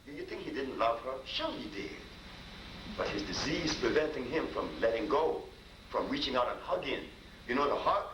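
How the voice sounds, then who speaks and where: A man's voice: mid-range voice, animated, brisk. A man giving a storytelling lecture as a healer, folksy and repetitive, acting out dialogue. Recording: echoey room, distant mic, noisy.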